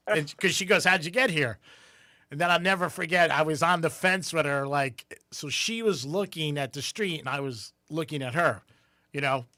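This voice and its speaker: This radio co-host's voice sits on the high side, recorded cleanly in a studio without echo. He shares family stories in a relaxed, animated way, raising his voice to act out whoever he's quoting.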